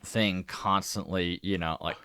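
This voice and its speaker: A man co-hosting a podcast, chatting casually about a movie in a halting way, full of restarts. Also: low voice, steady tone, sharp tone, clean tone, dry recording. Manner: halting, many restarts and fillers. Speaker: podcast co-host.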